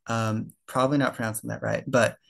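A man's voice: mid-range voice, flat delivery, fairly quick, creaky, fairly bright tone. A young man giving a casual slide presentation to a birding club, talking loosely with fillers and self-corrections.

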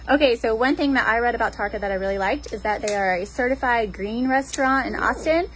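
A woman's voice: a little high, fast, slight background noise, rough recording. A woman hosting a casual office lunch vlog, chatty and upbeat, questioning coworkers about the food. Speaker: office staff host of a lunch segment. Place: office break room, indoors.

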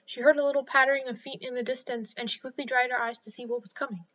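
Bright, high-voiced woman reading a children's story. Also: steady tone, fast. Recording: slightly dull lo-fi sound.

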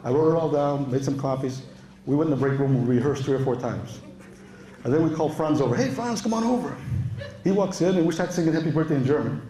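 Performing stand-up at a live club show, a man from Europe recounts true stories conversationally, laughs at his own lines, and quotes others in a raised voice. His fairly high voice is warm and quick, and the room is echoey.

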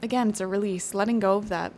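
A woman's voice: mid-range voice, fairly even intonation, fast talker, darkish tone, a little hiss or hum. A woman giving a casual, encouraging tarot reading, chatty and thinking aloud with fillers. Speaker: tarot reader.

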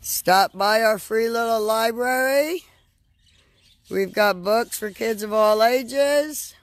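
A woman hosting a live video outdoors on a farm, talking slowly and coaxingly to her animals. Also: a little high. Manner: slow, coaxing talk to animals. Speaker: farm host.

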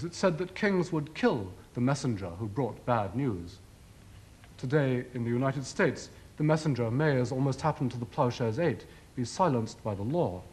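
A man lecturing formally on television. His pitch rises and falls in wide, animated swings. He builds his points rhetorically and leans on ironic emphasis.

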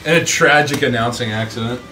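A man's voice: mid-range voice, a little fast, pushed and bright, soft background music. A man playing a tabletop game and joking wryly about his character. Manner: wry, joking. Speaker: player. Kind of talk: casual tabletop play.

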